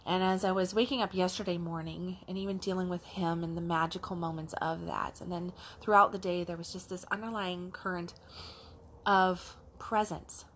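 A middle-aged woman coach telling a casual, animated story, acting out the lines of her child and herself. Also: on the low side, moderate pace, slight background noise. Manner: animated, acts out a child's voice and her own in quotes. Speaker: life coach.

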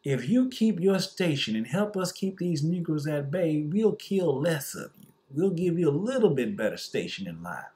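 A man's voice: a little high, big pitch swings, moderate pace, hardly any pauses, warm tone, pitched above the performer's own voice. A man voicing a scheming white Southern power broker who talks down to poor whites, with a put-on Southern accent and a scornful, condescending manner.

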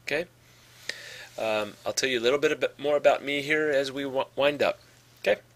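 A man's voice: mid-range voice, normal speed, fairly bright tone. A man teaching a Spanish grammar lesson, explaining patiently and often checking in with "okay". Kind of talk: podcast lesson.

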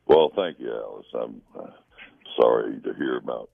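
A man calling in as a guest musician, talking in a halting way with many restarts. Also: a bass voice, no room sound. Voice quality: gravelly, husky. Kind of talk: casual on-air phone chat. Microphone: phone call. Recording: tinny phone line.

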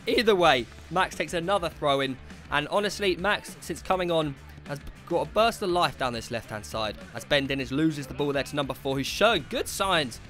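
Excitable young man commentating football. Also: fairly high pitch. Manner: chatty and excitable, shouts at big moments. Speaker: commentator of his team's amateur football match.

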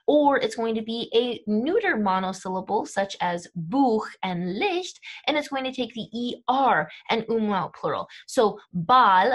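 Methodical woman teaching grammar. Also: a little high. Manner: clear and methodical, checks in with "right?" and "okay?". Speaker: language teacher. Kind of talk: explaining German grammar step by step.

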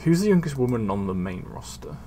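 A young man chatting over a wrestling simulation game, skeptical and wry in his comments. Middle pitch, relaxed delivery, faint typing behind him. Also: brisk, a little hiss or hum. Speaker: channel host.

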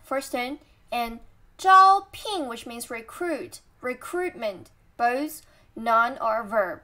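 A woman teaching vocabulary, drilling each word slowly and asking the listener to repeat after her. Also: on the high side, lively intonation, sharp tone. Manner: slow, drawn-out repetition of words and tones. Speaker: Mandarin teacher.

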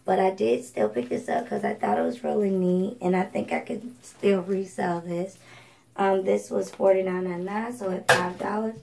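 A woman's voice: medium pitch, lively intonation, moderate pace, creaky, a little mellow, poor audio. A woman from Georgia, chatting casually through a thrift haul with lots of ums and self-corrections. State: coughing from allergies. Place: home at night.

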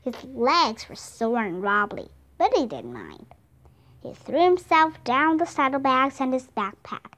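A woman with Vietnamese as her first language reading a children's audiobook aloud in a slow, clear, expressive way. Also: sits high. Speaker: storybook reader.

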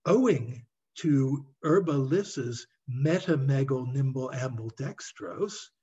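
A man reads his own storybook aloud at a slow, measured pace, his voice husky and slightly high. The recording is dull and lo-fi. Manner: measured, expressive reading. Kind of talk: storybook read-aloud narration.

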